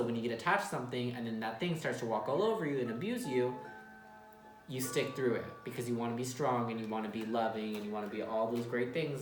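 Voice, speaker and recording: A man giving a casual tarot reading, talking bluntly and emphatically with some swearing. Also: medium pitch. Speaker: tarot reader. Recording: roomy echo with faint music.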